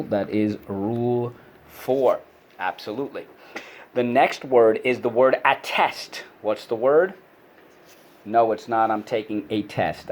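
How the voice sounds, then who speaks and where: A man's voice: fairly low pitch, a little mellow, a little hiss or hum. A man teaching a vocabulary lesson to kids, explaining word meanings and leading call-and-response drills. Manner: explains with many fillers and restarts.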